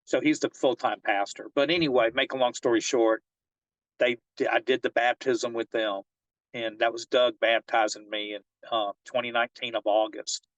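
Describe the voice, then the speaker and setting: A man's voice: mid-range voice, steady tone, normal speed, dry recording, highs cut off. A man working as a fishing guide, telling a long story in a casual interview and rambling with many restarts and fillers.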